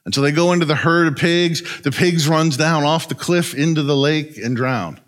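A man preaching a sermon, retelling a story in an animated way and often asking "right?". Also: on the high side, normal speed. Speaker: pastor.

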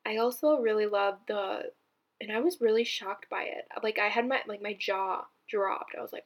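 A woman's voice: mid-range voice, normal speed. A young woman hosting her own podcast, chatting casually and gushing, with lots of fillers and restarts. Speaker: podcast host. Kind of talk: casual solo podcast chat.

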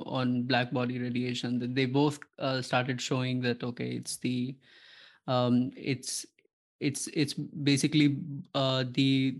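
Creaky, flat-voiced male host. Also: mid-range voice. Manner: hesitant, many fillers. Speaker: podcast host. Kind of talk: interviewing a guest.

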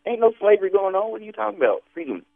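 A man on the phone, indignant and quick, swearing at a prank caller. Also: high voice, sing-song, vocal fry, dry recording. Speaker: prank call target. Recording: tinny phone line, dry.

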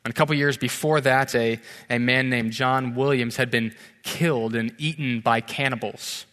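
A man preaching a sermon in a church, conversational and animated, asking the congregation rhetorical questions. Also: mid-range voice, normal speed. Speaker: pastor. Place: church sanctuary. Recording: long church hall reverb.

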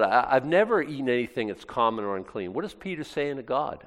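A man's voice: mid-range voice, big pitch swings, brisk. A man with an American accent preaching a casual sermon in a rambling, folksy way, often interrupting himself. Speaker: pastor. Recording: reverberant hall.

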